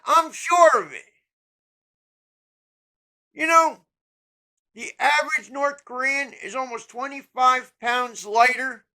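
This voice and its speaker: A middle-aged commentator delivering a heated, profane political rant, often breaking into shouts. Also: high voice, low-quality recording.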